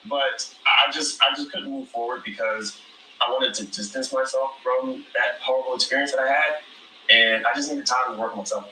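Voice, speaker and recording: A man answering questions at a reunion, measured and defensive, heard from a distance in an echoey space. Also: medium pitch, fairly even intonation, sharp tone, slight background noise. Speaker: reality show contestant.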